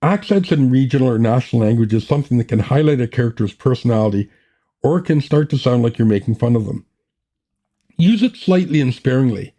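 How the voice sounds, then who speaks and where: In this scripted teaching talk, a man who hosts a writing podcast speaks evenly and mellowly at a middle pitch. His delivery stays plain and measured as he works through each point in turn.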